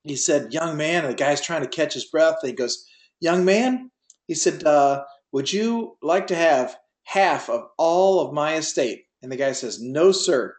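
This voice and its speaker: Male instructor, fairly high voice, folksy and rambling with many fillers, on a video call in an echoey room. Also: expressive, moderate pace, hardly any pauses. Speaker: drone pilot test prep instructor. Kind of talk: online class lecture with a told joke.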